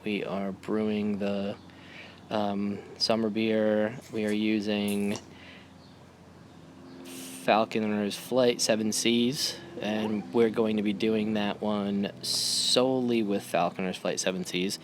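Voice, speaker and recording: Male vlogger, 30s, low voice, tipsy rambling homebrew chat, faint room noise. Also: level tone, slow.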